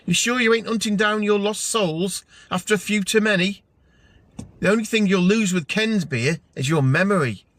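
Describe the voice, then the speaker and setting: A man doing a loud, cheeky pub bloke. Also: high voice, normal speed, dry recording, pitched above the performer's own voice. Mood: teasing. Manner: mocking, boisterous.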